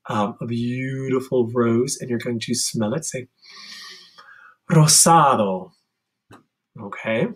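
Slow-paced man teaching Spanish. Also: medium pitch. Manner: slow and deliberate, with playful sound effects and chanting. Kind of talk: classroom-style vocabulary lesson.

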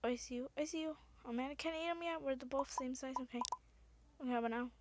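A woman giving excitable let's-play commentary, often exclaiming and swearing at the game. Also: high voice, quick pace, background noise. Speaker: gamer.

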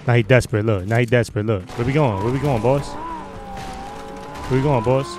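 A man's voice: medium pitch, brisk, noisy background. A man streaming a game with casual commentary and playful trash talk aimed at other players.

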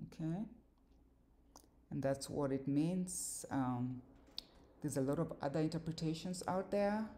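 Woman host, very low dark voice, very unhurried; explains words one syllable at a time and repeats herself with plain fillers. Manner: spells out sounds syllable by syllable, repeats phrases, fillers "um" and "like". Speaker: channel host explaining word meanings. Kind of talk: slow deliberate teaching monologue.

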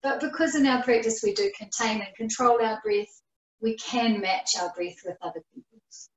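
A woman leads a guided yoga class with a slightly high voice. Her breathing cues come slowly and calmly, with long pauses between them. She sounds some distance from the mic, in an echoey room. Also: dull audio. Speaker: yoga teacher. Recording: roomy echo, voice far from the mic.

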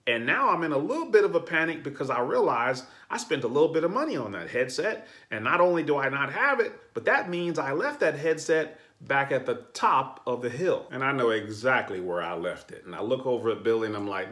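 A man telling the story of his trip in a relaxed, conversational voice-over. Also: mid-range voice, fairly quick, few pauses. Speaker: vlogger. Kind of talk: voice-over narration of a travel vlog.

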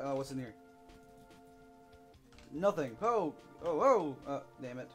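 Young male let's player, fairly high, excitable, faint game music behind. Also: slow pace, long pauses. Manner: excitable, shouting and whooping while playing. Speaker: gaming YouTuber. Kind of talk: let's play commentary.

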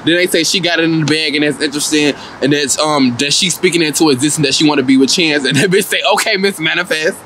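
A man vlogger giving an animated, profane and sassy comedic recap of a reality TV show, laughing often. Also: a little high, quick pace, hardly any pauses, slight background noise.

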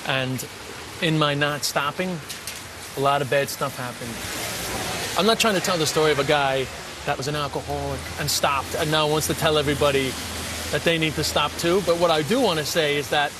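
Earnest man presenting amid noise. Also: fairly high pitch. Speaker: documentary presenter. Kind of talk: documentary narration to camera.

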